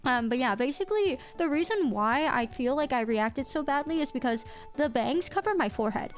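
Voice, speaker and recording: A young woman streamer telling stories in casual chat, animated, laughing often and swearing casually. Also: high-pitched, fairly quick, soft background music.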